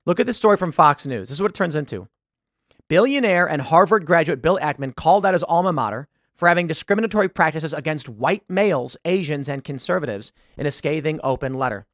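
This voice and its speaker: A man's voice: a little high, expressive, fast, fairly bright tone, no room sound, studio quality. A man giving emphatic online commentary, often repeating words as he pushes his points. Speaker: political commentator.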